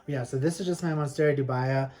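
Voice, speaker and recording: A man talking casually at home as a plant-collector vlogger, rambling and animated, with frequent laughs. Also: medium pitch, fast. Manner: rambling and animated, laughs often, lots of fillers. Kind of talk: casual chatty storytelling. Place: at home with houseplants.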